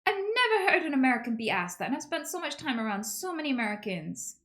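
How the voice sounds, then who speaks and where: A woman streaming, chatting casually with viewers in an animated, chatty way and swearing freely. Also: high-pitched, moderate pace, hardly any pauses. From United Kingdom.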